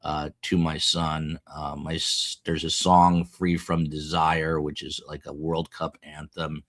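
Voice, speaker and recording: A man with a low, deep voice hosts a live-stream show in a relaxed, conversational way. He reads viewer comments aloud with animated energy. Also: takes it slowly. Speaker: livestream show host.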